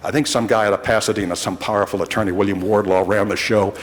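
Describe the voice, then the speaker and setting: Fast and fairly even in intonation, this fairly low male voice echoes in a big room with slight background noise. He's a reporter in his sixties telling a city council rambling, wry anecdotes, frequently breaking off to start again.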